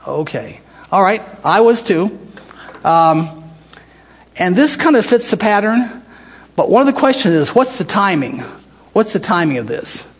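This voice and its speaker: A man's voice: sits high, sing-song, a little slow, long pauses, husky. Older man teaching a casual Bible study. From United States. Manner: conversational, restarts often, asks the group questions.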